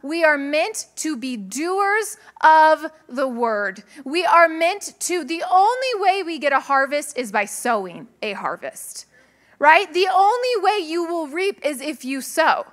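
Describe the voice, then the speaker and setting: A woman's voice: high voice, big pitch swings, takes it slowly, fairly bright tone. A woman pastor giving a chatty sermon to a live congregation, mixing family stories with scripture and laughing often. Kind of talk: conversational sermon with personal stories. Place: church sanctuary with a live congregation.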